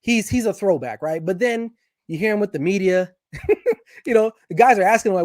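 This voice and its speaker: A man guesting on a sports show, giving strong opinions in casual, animated chat, often restarting his sentences. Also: high voice, brisk, no room sound, clean studio sound.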